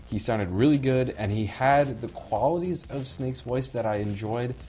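A man's voice: mid-range voice, moderate pace, warm tone. A man speaking thoughtfully in a casual video game chat, often starting sentences twice.

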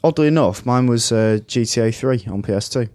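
A man's voice: mid-range voice, a little fast, a little mellow, dry recording. Mancunian man, podcast co-host, chatty storyteller, dry close recording. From Manchester, England. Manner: chatty, rambling, laughs often. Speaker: podcast co-host reading listener answers. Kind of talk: casual chat.

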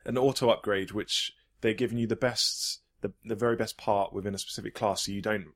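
A man's voice: on the low side, steady tone, brisk. A man chatting enthusiastically on a podcast, rambling with frequent restarts. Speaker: podcast host. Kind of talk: casual podcast chat.

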